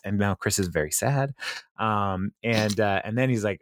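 A man hosting a casual chat, retelling an episode in a halting, rambling way with frequent chuckles. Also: on the low side, a little hiss or hum. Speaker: podcast host recapping a TV episode.

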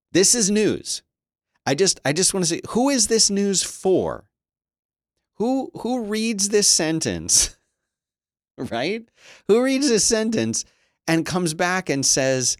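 A man giving casual commentary as a streamer, reading news aloud with sarcastic, animated remarks and frequent laughter. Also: medium pitch, no room sound, studio quality.

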